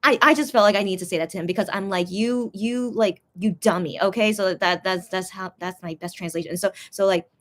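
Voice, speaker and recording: A woman's voice: mid-range voice, fast, few pauses. A young woman in casual chat, rambling to her viewers with lots of fillers and restarts. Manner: chatty and animated, talking straight to viewers. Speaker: fan vlogger.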